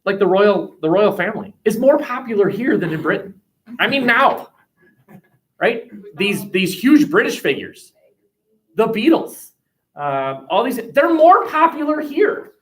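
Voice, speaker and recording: A man's voice: high-pitched, sing-song, a little slow. A man with an American accent teaching a history class, talking in a chatty, digressive way with many restarts. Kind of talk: classroom discussion. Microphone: webcam.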